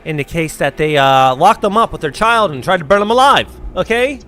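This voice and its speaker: A man's voice: fairly high pitch, expressive, brisk, fairly bright tone. A man streaming a game, talking casually in a rambling, sarcastic way with lots of swearing and restarts. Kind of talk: casual gameplay commentary.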